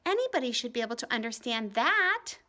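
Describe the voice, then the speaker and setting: A woman voicing a fiery, stubborn young girl in a storybook reading, shrill and close to tears. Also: sing-song, brisk, sharp tone. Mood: indignant. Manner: shrill, near tears, insistent.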